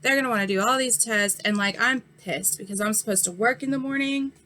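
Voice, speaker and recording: Her voice sits on the high side, fairly quick and sharp. A woman in her thirties with a swollen, injured eye vlogs casually, giving a frank, heated storytime retelling of an incident peppered with fillers.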